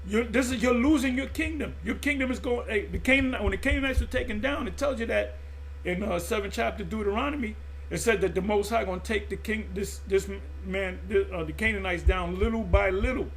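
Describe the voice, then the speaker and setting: A man's voice: high-pitched, a little fast. A man preaching in an impassioned monologue, emphatic and repetitive, often stumbling and restarting mid-phrase. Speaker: religious group teacher.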